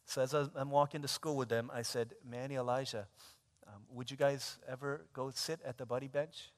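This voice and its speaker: Male pastor, sermon delivery, animated storyteller, reverberant sanctuary. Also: mid-range voice, normal speed. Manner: animated storytelling with shifts between loud and hushed. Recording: long hall reverb.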